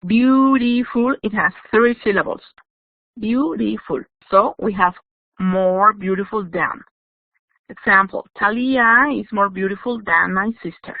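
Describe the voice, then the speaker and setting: A woman's voice: mid-range voice, dry recording. Woman teacher, tinny dry audio. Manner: explains slowly, checks in with "yes?". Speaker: English teacher. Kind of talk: online grammar lesson.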